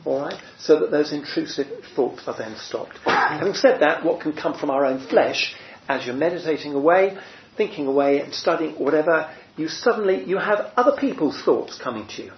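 A preacher teaches a small group in a chatty, conversational style, full of fillers and restarts, often putting questions to the room. His voice is fairly high and expressive at a normal speed. The recording sounds muffled and roomy, with a little hiss or hum.

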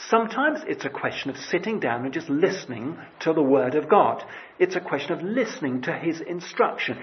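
A man's voice: a little high, highs cut off, a little hiss or hum. A man preaching a sermon in church, talking in a loose, conversational way with restarts and asides.

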